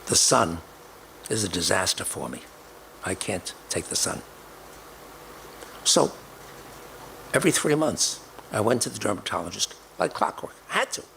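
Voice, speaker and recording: A man's voice: on the low side, gravelly, pushed and bright, a little hiss or hum. An older man telling a personal story emphatically, acting out the dialogue he quotes.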